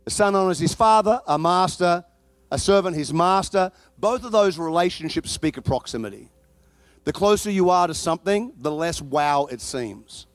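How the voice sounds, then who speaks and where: A man with a notably high voice preaches with lively, story-driven energy. He rises into loud shouting at times. The sound is dry and close. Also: normal speed, dry recording. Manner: animated storytelling, bursts into shouting. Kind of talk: sermon.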